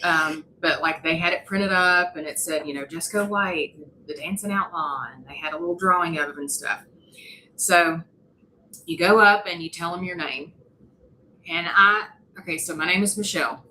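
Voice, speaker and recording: A woman tells a story on a casual podcast. Her voice sits a little low but rings bright and forceful. She is animated and playful, slipping into other people's voices. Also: normal speed, a little hiss or hum, low-quality recording. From West Virginia. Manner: animated, laughing, mimics voices in her stories. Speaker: podcast co-host.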